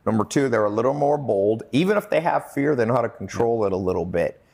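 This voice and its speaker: A man's voice: mid-range voice, expressive, darkish tone. A man hosting an interview, asking pointed questions and laying out his points emphatically. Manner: emphatic, list-making, quick interjections. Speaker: podcast host, interviewer. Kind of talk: casual interview.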